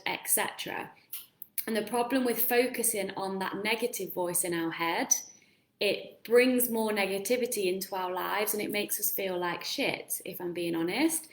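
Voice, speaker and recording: A woman coaching viewers in a casual live-stream talk, earnest and encouraging, asking them lots of questions. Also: medium pitch. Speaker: self-help coach. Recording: roomy echo.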